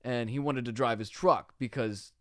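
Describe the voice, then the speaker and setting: A man's voice: mid-range voice, moderate pace, no room sound. A man guesting on a podcast, telling a story in a casual, slangy, laid-back way in a studio.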